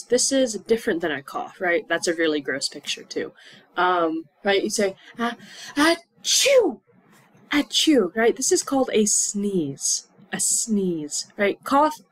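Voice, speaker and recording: A woman teaching English to learners, repeating words slowly and acting out aches and symptoms with little groans. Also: fairly low pitch, dry recording, poor audio. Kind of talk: slow classroom explanation.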